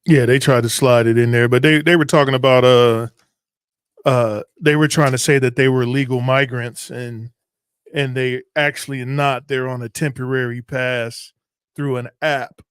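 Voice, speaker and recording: Male co-host, easygoing, mid-pitched, dry close sound. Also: steady tone, normal speed, smooth, no room sound. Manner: laid-back, greeting viewers. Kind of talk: casual livestream chat.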